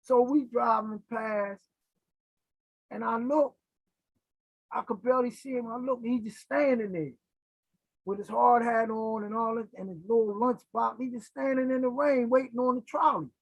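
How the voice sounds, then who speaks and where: A middle-aged man from Philadelphia telling stories in a casual interview, animated and acting out the voices of people he quotes. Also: extremely high pitch, moderate pace, no room sound, rough recording. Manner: animated, acts out quoted voices, keeps checking in with "right?". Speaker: interview guest. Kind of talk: casual storytelling.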